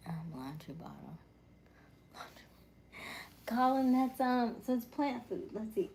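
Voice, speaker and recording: A woman hosting a casual live stream, chatting with viewers in a soft, soothing, warm and calm voice that often sinks to a near whisper. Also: on the high side, a little slow, gravelly, a little hiss or hum.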